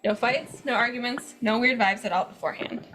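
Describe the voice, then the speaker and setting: A woman co-hosting a podcast, reading forum posts aloud with an animated, laughing manner. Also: a little high, fairly quick, faint music behind. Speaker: co-host.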